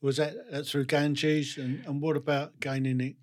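A man's voice: on the high side, level tone, normal speed, a little mellow. A man hosting a podcast interview, asking chatty, prompting questions. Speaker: podcast host. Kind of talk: casual interview.

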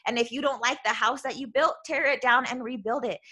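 A woman hosting a motivational podcast as a self-love coach, talking loud and bubbly and earnest, often adding "right?" to her points. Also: a little high, fairly quick. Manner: earnest, with many "right?" tags.

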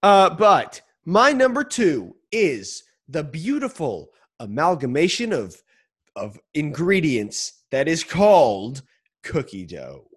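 A young man co-hosting a casual chat show, playful and teasing in quick banter. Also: fairly high pitch, big pitch swings, slightly rough. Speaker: podcast co-host.

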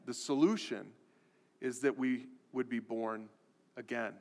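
A man's voice: medium pitch, steady tone, unhurried, darkish tone. A man preaching a sermon as a pastor, earnest and repetitive, building emphasis as he goes. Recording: long hall reverb.

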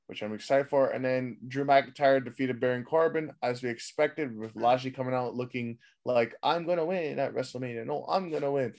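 A man's voice: medium pitch, a little mellow. Casual profane man recapping wrestling. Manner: loose, profane, rambling. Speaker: wrestling podcast host.

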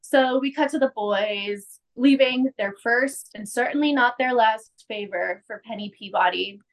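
A woman hosting a podcast, casually recapping an episode with lively acted-out quotes. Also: a little high, unhurried. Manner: animated, acts out quotes, laughs often. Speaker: podcast host.

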